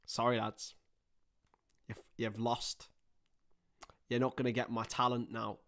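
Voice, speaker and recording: A young man hosting a live match watchalong, chatting casually and rambling between topics, with excited bursts of play-by-play. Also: mid-range voice, slow pace. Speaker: livestream host.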